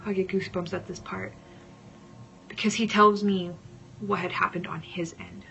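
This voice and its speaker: A woman vlogger telling a personal story casually, dramatic and at times dropping into hushed whispers. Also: medium pitch, fairly even intonation, normal speed, gravelly, dull audio, soft background music.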